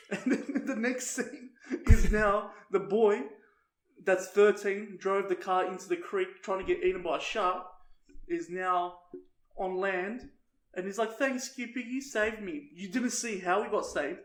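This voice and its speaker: A young Australian man, co-hosting a podcast, tells a crass story with plenty of swearing and laughter in a casual chat. His high voice stays fairly even in intonation at a measured pace, echoing in the room.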